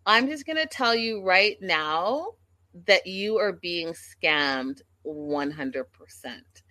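A woman's voice: fairly low pitch, expressive, slow, a bit bright, no room sound. A woman hosting a livestream, gossiping casually and speaking straight to her viewers. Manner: chatty, gossipy, addresses the audience directly. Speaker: livestream host. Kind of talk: casual recap chat.

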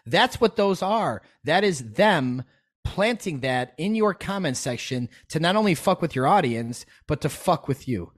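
A man talking as a podcast guest, animated and emphatic, swearing freely as he makes his points. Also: a little high, unhurried. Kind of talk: casual podcast conversation.

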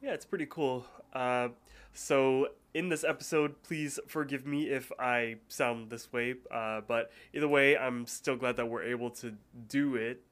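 A man's voice: medium pitch, fairly even intonation, a little slow, a bit bright. A man co-hosting a podcast in casual chat, with a stuffy, blocked nose and a rambling way of talking. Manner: rambling, lots of fillers and restarts. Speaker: podcast co-host.

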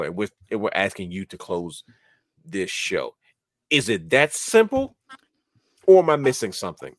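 Low-voiced man hosting a chatty wrestling podcast. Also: no room sound, clean studio sound. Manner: animated, rambling, laughs often. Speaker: podcast host. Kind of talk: casual wrestling chat.

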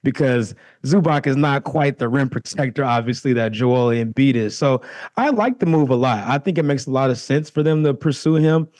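A man co-hosts a casual sports podcast and breaks down the game in an even, agreeable way. His points come in a measured, thoughtful flow. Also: medium pitch. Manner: steady, agreeable, analytical. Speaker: podcast co-host.

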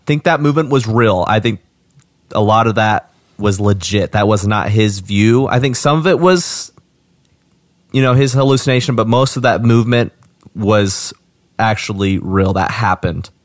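Low-voiced man in relaxed film chat. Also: no room sound, studio quality. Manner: easygoing, halting, repeats words. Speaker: podcast co-host. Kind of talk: casual movie discussion.

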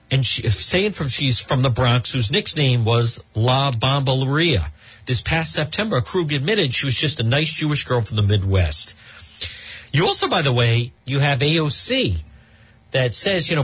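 Give me a husky middle-aged man rambling through gossipy commentary as a host, lively in pitch. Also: no echo. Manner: rambling, gossipy, many ums and restarts. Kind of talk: opinionated commentary monologue.

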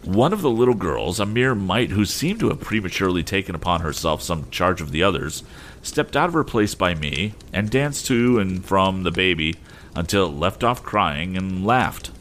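A man narrating a classic novel as an audiobook reader, measured and expressive. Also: low voice, slight background noise.

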